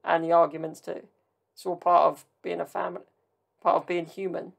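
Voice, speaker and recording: Solo podcast host, from Southern Italy, heavy vocal fry, flat delivery, chatty and rambling. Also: mid-range voice, a little fast. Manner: rambling, drifts into tangents; chatty, jokey asides. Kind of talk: casual solo podcast chat.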